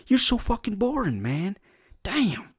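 Loud heckling man, dry close mic. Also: sits high, wildly swooping pitch, measured pace, breathy edge, no room sound. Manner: loud, profane, heckling, swings into shouting. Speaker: reaction commentator. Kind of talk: mocking reaction commentary.

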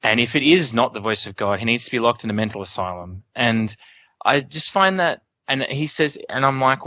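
A man in his twenties talking casually on a panel, animated and full of restarts. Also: mid-range voice, fairly quick, no echo. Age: 20s. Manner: animated, many restarts and self-interruptions.

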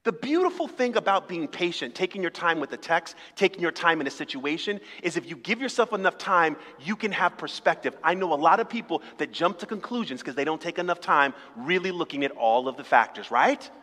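This pastor's sermon comes in a fairly high, animated voice, brisk and bright with a forceful edge and hardly any pauses. He's conversational and humorous, staging little dialogues, and the church sanctuary gives it a long, echoing reverb.

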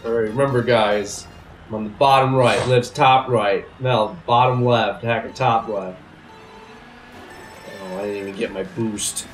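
A man co-hosting a let's play, bantering crudely and yelling when the game goes wrong. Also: fairly low pitch, fairly even intonation, a little slow, echoey room, slight background noise. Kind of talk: crude casual banter while gaming.

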